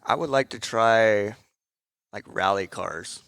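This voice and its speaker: Male racer guest, bright tense tone, excited laid-back storyteller. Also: lowish voice, takes it slowly, clear, resonant tone, no room sound. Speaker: off-road racing guest. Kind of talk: casual chat, telling race stories.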